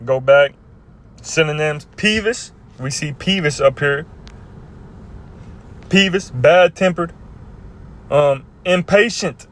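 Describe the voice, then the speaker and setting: A man casually teaching scripture, earnest and halting, reading verses slowly and with emphasis. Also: on the high side, a bit bright. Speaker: bible teacher.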